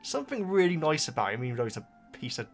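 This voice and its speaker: Young man with a slight Bristolian accent, a lively voice that bounces around, rambly chat to the viewers. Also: a little high, fast talker, faint music behind. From Oxfordshire, England. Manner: chatty, rambling, often laughing, addresses the viewers as guys. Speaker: book vlogger. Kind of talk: casual chat.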